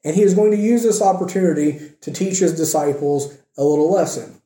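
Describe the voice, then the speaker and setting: Slightly high, very mellow-voiced preacher. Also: male voice, fairly quick. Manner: informal, checks in with the congregation. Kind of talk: conversational sermon with scripture reading. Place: church sanctuary. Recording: echoey room sound.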